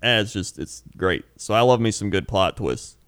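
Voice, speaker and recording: A man's voice: fairly low pitch, expressive, normal speed, a bit bright, smooth, no room sound, studio quality. A young man in casual podcast chat, telling rambling stories and laughing often. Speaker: podcast co-host.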